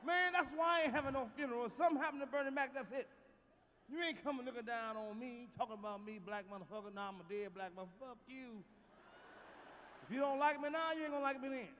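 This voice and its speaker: Loud, profane stand-up comic, high voice. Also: male voice, fast talker. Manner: loud, profane, booming delivery, shouts punchlines. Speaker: stand-up comedian. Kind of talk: stand-up routine. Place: large theater stage. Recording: live stage recording, big hall reverb, faint crowd noise.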